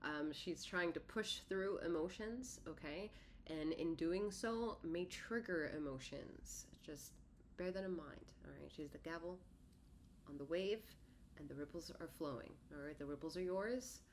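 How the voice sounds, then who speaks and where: A woman with a notably low speaking voice gives a solo tarot reading, talking in a loose, conversational way. She often stops to correct herself, and her words come out slightly lisped and slurred. A faint hiss of noise sits under her voice. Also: unhurried. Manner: rambling, self-correcting, conversational. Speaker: tarot reader and healer.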